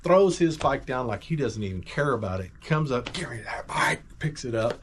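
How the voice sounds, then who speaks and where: A middle-aged man casually telling a personal story, animated and conversational, acting out moments as he goes. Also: medium pitch, normal speed, noisy background.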